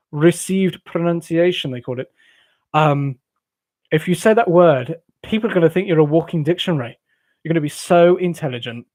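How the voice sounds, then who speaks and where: A man's voice: fairly high pitch, a little mellow, no room sound. A jovial English man hosting a late-night live stream, reading viewers' chat comments and rambling with frequent laughs. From England. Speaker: livestream host. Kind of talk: casual chat with live chat readers.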